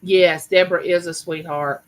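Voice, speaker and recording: A woman, hosting a casual live chat and rambling warmly with fillers and restarts. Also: fairly low pitch, steady tone, normal speed, low-quality recording. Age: 50s. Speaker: livestream host. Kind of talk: casual live chat reading viewer comments.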